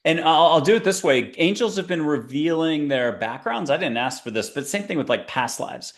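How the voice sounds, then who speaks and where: Rambling, animated male talk-show host. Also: on the high side, moderate pace. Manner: rambling, animated, jumps between ideas. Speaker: podcast host. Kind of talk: casual spiritual talk show chat.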